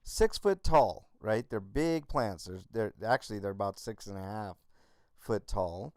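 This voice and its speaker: A man on a podcast tells a long, loose story and swears constantly. His voice is smooth and clear. It sits close and dry on the mic. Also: lowish voice, animated, a little slow, darkish tone, dry recording. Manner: rambling storyteller, heavy swearing. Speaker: podcast co-host. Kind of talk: casual profane chat.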